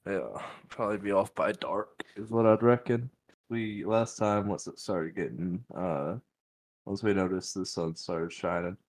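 Tipsy, rambling man with a low voice. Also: steady tone, a little slow, dry recording. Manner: laid-back, rambling, swearing, joking. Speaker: podcast co-host. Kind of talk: casual chat. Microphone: studio mic, no camera.

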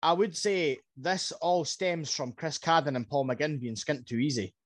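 A Scottish man on a podcast, chatting about football in an animated, rambling way. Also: fairly high pitch, a little slow, no room sound. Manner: animated, rambling, repeats words. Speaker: podcast co-host. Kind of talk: casual football chat.

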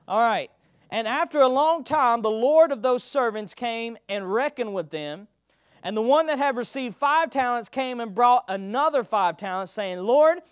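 High-voiced man preaching a sermon. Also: clean tone, no room sound, studio quality. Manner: reads scripture aloud then expounds, calls for congregation responses; swings from loud declaiming to soft murmured asides.

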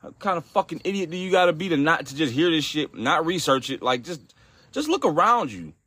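A man's voice: fairly high pitch, very animated, brisk, pushed and bright, breathy edge, no echo. A man hosting a solo podcast, ranting in a profane, exasperated way with frequent restarts. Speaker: podcast host.

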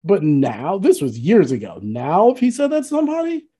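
A relaxed man swaps stories in a loose, casual conversation. His voice is mellow and warm, and he breaks into laughter often. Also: high voice, moderate pace, husky. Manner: laid-back storyteller, laughs often. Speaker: musician guest. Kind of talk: casual storytelling chat.

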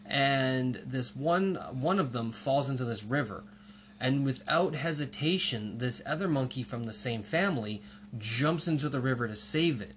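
A man talks in a loose, rambling way, wandering off into side stories and filling pauses with "uh" and "like." A faint hiss of background noise sits under his voice. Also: mid-range voice, expressive, fairly bright tone. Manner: rambling, digressive storytelling with many fillers. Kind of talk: casual conversational chat.

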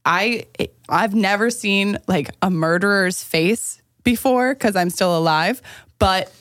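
A woman's voice: medium pitch, slow pace, fairly bright tone, no echo, clean studio sound. A young adult woman co-hosting a podcast, chiming in and finishing her co-host's sentences in casual chat. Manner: chimes in, finishes the other's sentences. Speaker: podcast co-host.

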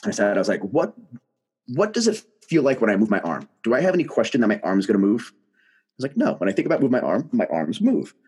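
A man, a guest telling his story in casual conversation, animated and emphatic. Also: fairly low pitch, fast, breathy edge.

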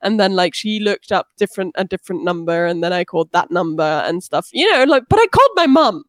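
A woman's voice: lowish voice, a little fast, dry recording. A woman co-hosting a podcast, telling stories in casual chat and acting out quotes. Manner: expressive, acts out quotes, laughs. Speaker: podcast co-host.

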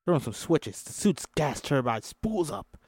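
A man's voice: fairly high pitch, very animated, measured pace, a little mellow, dry recording. A man reading a screenplay aloud as a host, plainly, breaking off with joking asides. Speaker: script reader. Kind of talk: casual script read-through with asides.

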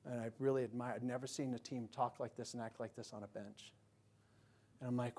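A male pastor giving a sermon, telling anecdotes in a loose, conversational way with many restarts and asides, and growing loud and emphatic when he quotes scripture. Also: mid-range voice, steady tone, fairly quick. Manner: voice swells loudly when quoting scripture.

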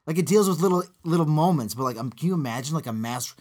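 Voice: medium pitch, quick pace. A podcast co-host talking casually about a movie, profane and joking. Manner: animated, profane, jokey asides.

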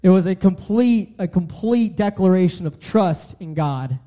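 A man's voice: high voice, animated, unhurried, warm tone. A young man giving an earnest sermon, often restarting and repeating his phrases. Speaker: preacher.

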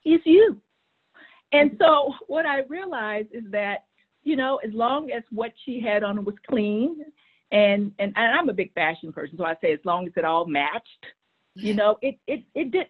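A middle-aged woman is a guest on a show, recounting a family story with animated energy. She often stumbles over the first words of a sentence, repeating them before carrying on. Her voice comes through a thin, phone-like line. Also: on the high side, breathy edge. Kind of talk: conversational storytelling.

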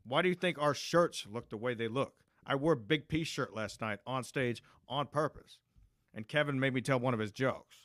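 A man's voice: medium pitch, moderate pace, a bit bright, dry recording, clean studio sound. Teasing man hosting a podcast. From Texas. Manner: teasing, swearing, laughs often. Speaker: podcast host. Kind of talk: casual banter on a video-call podcast.

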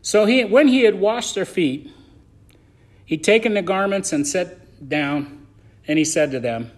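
A man preaching as pastor of a church, swinging between loud emphasis and soft asides as he reads and explains scripture. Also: high voice, expressive, unhurried. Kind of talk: sermon.

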